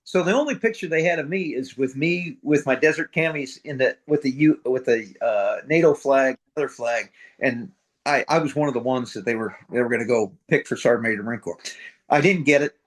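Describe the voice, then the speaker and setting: In a relaxed storytelling interview, this middle-aged retired Marine sergeant major from middle America recounts war stories bluntly and profanely, acting out what people said. He speaks a little fast in a mid-range male voice.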